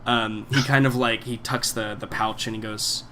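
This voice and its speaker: A game master, a man, describes scenes in a tabletop game in a relaxed way. He fills his narration with fillers, and his voice sits at an ordinary pitch. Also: normal speed, slight background noise. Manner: casual, many fillers like "um" and "like".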